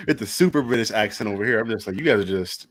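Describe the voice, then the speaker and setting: A man's voice: on the low side, lively intonation, brisk, pushed and bright, no room sound. A man joining a live show as a guest over a home mic, upbeat and slangy with a lot of laughing. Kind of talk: casual chat. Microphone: home mic on call.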